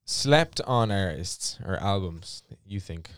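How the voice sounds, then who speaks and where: A young Dublin man telling a rambling story in casual chat, swearing a lot and shouting out quotes now and then. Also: deep voice, animated, slow pace, clean tone, no room sound, clean studio sound. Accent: Dublin Irish.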